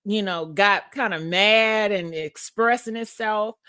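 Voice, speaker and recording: A woman's voice: mid-range voice, slow pace, sharp tone, clean tone, dry recording, clean studio sound. A woman vlogger casually telling a personal story to her viewers, frank and profane, laughing often.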